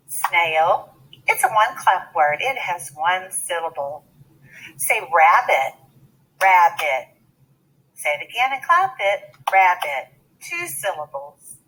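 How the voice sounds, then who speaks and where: A woman teaching a phonics lesson to young children, speaking slowly and clearly with a deliberate teacher's manner. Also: mid-range voice, fairly bright tone, rough recording.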